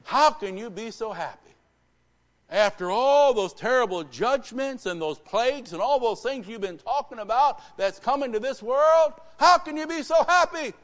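A man doing a high, baffled bank manager. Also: very animated, fast talker, few pauses. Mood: incredulous. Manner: incredulous, raised questioning voice. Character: puzzled middle-aged male bank manager.

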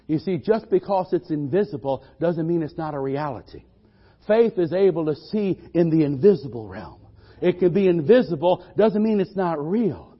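A man delivers a fervent sermon in a church, asking the congregation for amens. His voice sits high for a man. The recording is dull and a little muffled. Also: breathy edge. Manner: fervent, call-and-response. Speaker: preacher.

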